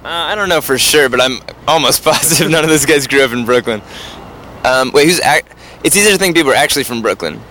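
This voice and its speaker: Dry, deadpan young band member man. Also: medium pitch, a little hiss or hum. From New York. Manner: dry, halting, deadpan humor. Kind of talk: casual interview chat.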